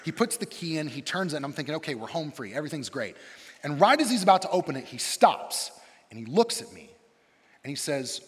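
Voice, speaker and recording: A man in his thirties, a campus pastor, preaching a humorous sermon and telling stories about himself in an animated, self-deprecating way. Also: on the high side, a little fast, husky, big-room sound. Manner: animated, self-deprecating storyteller with shifting energy.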